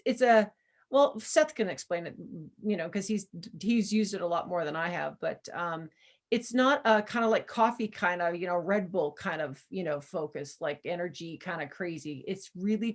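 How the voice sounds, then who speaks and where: A woman chatting casually on a video call, telling stories and coaching people through steps, laughing often. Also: mid-range voice. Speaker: presenter guiding users. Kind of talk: casual chat.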